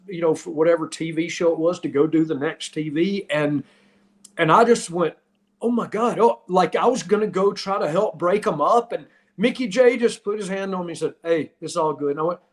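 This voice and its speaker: A man in his fifties, a podcast host and former wrestler, telling stories in casual chat with frequent laughs. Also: sits high. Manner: animated storyteller, laughs often.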